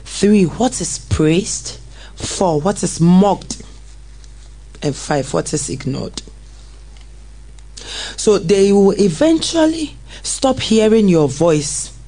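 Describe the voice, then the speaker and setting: A preschool educator, telling a classroom story to parents in an earnest, animated way. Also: medium pitch, low-quality recording. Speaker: preschool educator and guest speaker.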